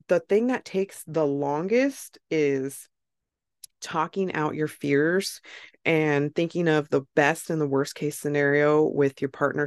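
Slow, emphatic woman podcast host. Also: deep voice, dry recording, studio quality. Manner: emphatic, repeats herself, says okay and like often. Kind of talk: casual motivational monologue.

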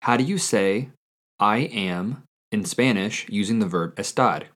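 A man hosting a language-learning podcast, reading a quiz and repeating each answer slowly and carefully. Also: lowish voice, a bit bright. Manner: slow, careful repetition of answers. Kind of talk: scripted language lesson quiz.

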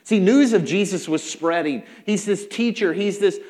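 A man's voice: high voice, moderate pace, a little mellow. A man preaching a sermon as pastor, emphatic and repetitive, sometimes acting out the people he quotes. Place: church sanctuary. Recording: long hall reverb.

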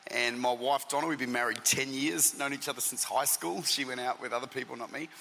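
A man who is a traveling preacher and senior pastor, telling stories as an interview guest in a lively way, often restarting and repeating words. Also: medium pitch, fairly quick, vocal fry, long reverb tail, a little hiss or hum, poor audio.

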